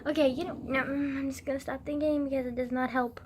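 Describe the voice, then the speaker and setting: Young woman vlogger, high voice, rambling and self-mocking, close phone mic. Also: flat delivery, fast, darkish tone, a little hiss or hum. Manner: rambling, self-mocking, swears often, fillers everywhere. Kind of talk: rambling casual monologue.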